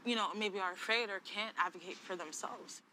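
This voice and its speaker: Young woman, earnest, sincere, outdoors, traffic noise clear behind. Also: medium pitch, brisk, pushed and bright. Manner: earnest, sincere, with you-knows. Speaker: guest. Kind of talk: personal story in an interview. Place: outdoors in a city garden.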